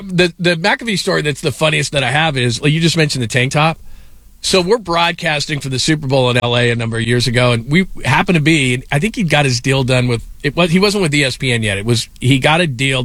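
A man's voice: medium pitch, fairly bright tone, dry recording. A middle-aged man hosting sports radio, telling rambling stories full of fillers and laughs. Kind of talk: casual sports talk.

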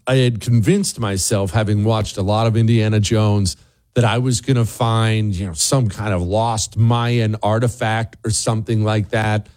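A man hosting a talk radio show, delivering an opinionated monologue in a sarcastic way, with his voice leaping up high when he mocks something. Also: a little mellow. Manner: sarcastic, with big swooping pitch jumps for mockery.

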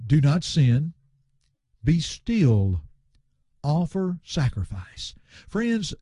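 Preacher, man, slow deliberate delivery with a lively, rising-and-falling pitch and mellow tone; earnest Bible teaching. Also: husky, dry recording, studio quality. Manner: slow, earnest, reads scripture aloud and explains words.

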